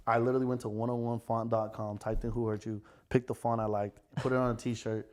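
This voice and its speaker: An American man, a club promoter, telling stories on a podcast in a quick, profane, animated way. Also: medium pitch. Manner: fast, profane, animated storyteller. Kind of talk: casual storytelling chat.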